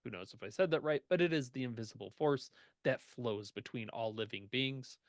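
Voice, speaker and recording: A man running a tabletop game as game master, relaxed and joking, laughing often. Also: medium pitch, brisk, no room sound.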